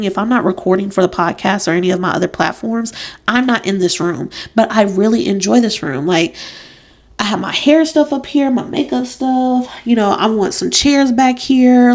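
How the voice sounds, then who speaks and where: A young woman hosting a casual solo podcast from a room in her home, chatty and emphatic, laughing at herself. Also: mid-range voice. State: pregnant. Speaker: podcast host.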